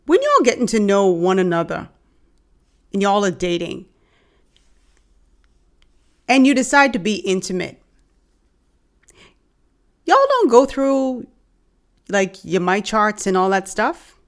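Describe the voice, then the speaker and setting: A woman's voice: mid-range voice, animated, slow pace, pauses often. A woman with a Bahamian accent hosting and commenting frankly, speaking straight to her viewers. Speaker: host reacting to a clip.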